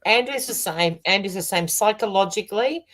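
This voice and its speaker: A woman's voice: medium pitch, expressive, moderate pace, a bit bright. An Australian woman co-hosting a casual online chat, laughing often and reading out viewer comments. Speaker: co-host.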